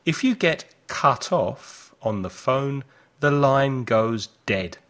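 Slow, lively teacher man. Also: medium pitch. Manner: clear, deliberate modelling of phrases with lively intonation. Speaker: English teacher. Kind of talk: slow repeat-after-me language lesson.

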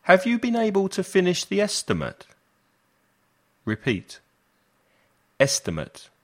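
Slow, deliberate male teacher. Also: high-pitched, huge pitch swings, fairly bright tone. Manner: slow, deliberate repetition for learners. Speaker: English teacher. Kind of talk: slow language lesson drills.

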